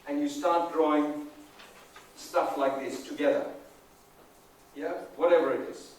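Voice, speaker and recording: A man giving an energetic, emphatic conference talk as a leadership trainer, often checking in with the audience. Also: on the high side, a little slow. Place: large conference hall. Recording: distant, echoey hall recording.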